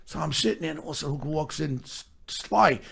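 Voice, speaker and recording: Older new guy, gravelly, cussing nonstop while he tells stories, bit high-pitched. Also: lively intonation, fast talker, fairly bright tone. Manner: brash, swears constantly, acts out other people's voices. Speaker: podcast host telling stories. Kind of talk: profane storytelling chat.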